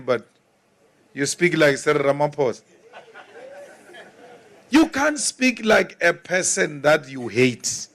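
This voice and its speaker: A man with a South African accent giving a forceful political rally speech, repeating lines for emphasis. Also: a little high. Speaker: opposition politician.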